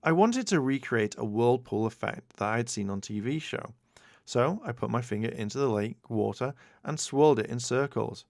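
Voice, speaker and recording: A man's voice: medium pitch, animated, normal speed, vocal fry, no room sound, studio quality. A man putting on a fussy nerdy teen boy.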